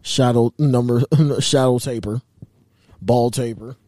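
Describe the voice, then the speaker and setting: A young man co-hosting a podcast, chatting casually with blunt, quick, profane interjections. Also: mid-range voice, steady tone, warm tone, dry recording, clean studio sound. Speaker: podcast co-host. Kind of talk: casual chat.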